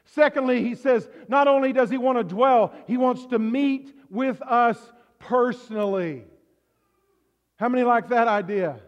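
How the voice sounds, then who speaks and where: Male pastor with a very high voice, swings from hushed to shouting, echoey church hall, muffled lo-fi recording. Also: measured pace, some chatter behind. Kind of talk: sermon. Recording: echoey hall, dull lo-fi sound.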